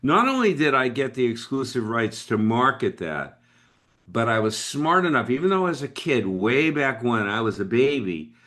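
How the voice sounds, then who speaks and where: A man in his sixties, a business leader guest, telling a story in an interview with lively swings of voice. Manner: animated storyteller with big pitch swings.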